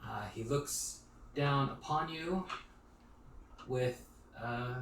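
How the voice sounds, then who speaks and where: A man's voice: mid-range voice, drawn-out words. A man narrating as game master of a tabletop game, talking loosely with many fillers. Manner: rambling, filler-heavy narration. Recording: roomy echo, distant mic, faint noise.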